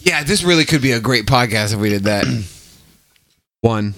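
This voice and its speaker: A man co-hosting a casual podcast from a home basement, drinking and joking loudly with crude, profane humor into a podcast mic. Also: mid-range voice, moderate pace, no echo. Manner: loud, joking, profane, animated. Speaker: podcast co-host.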